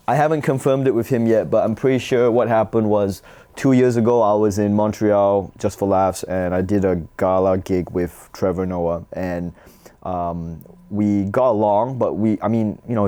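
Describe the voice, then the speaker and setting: A man's voice: on the low side, steady tone, moderate pace, mellow. A man in his thirties, a guest comedian, talking casually in a self-deprecating way. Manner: self-deprecating, laid-back, with frequent restarts. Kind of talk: casual conversation.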